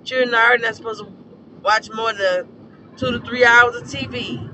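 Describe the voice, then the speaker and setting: Hoarse, blunt man ranting over street noise. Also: very high voice, fairly even intonation, normal speed. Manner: blunt, profane and preachy. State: hoarse from a scorched throat. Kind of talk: casual opinion rant.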